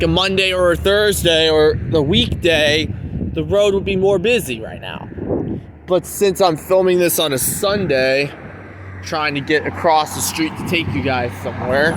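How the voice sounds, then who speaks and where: Slow-talking young man ranting outdoors. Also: sits high, a bit bright. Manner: repetitive, keeps asking "okay?" and "you wanna know why?". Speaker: vlogger. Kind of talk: ranting walking vlog. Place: outdoors on town streets. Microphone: handheld camera. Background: faint street and traffic ambience.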